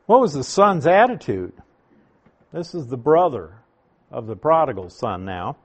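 A man preaching a sermon, teaching through a Bible passage verse by verse in a deliberate, emphatic way. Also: mid-range voice, big pitch swings, husky.

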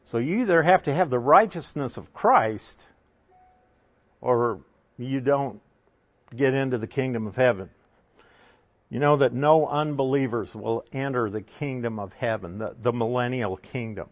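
A man teaching from scripture at a slow, deliberate pace, his pitch sitting in an ordinary middle range. He preaches conversationally, leaning on emphatic points and rhetorical questions. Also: muffled recording. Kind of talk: sermon.

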